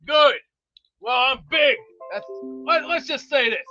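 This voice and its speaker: A man with a strikingly high, bright voice throws out blustering insults and brags, often breaking into shouts. The sound is dry and a little dull, like a cheap mic. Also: takes it slowly, faint music behind. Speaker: show regular. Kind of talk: brash trash-talking banter.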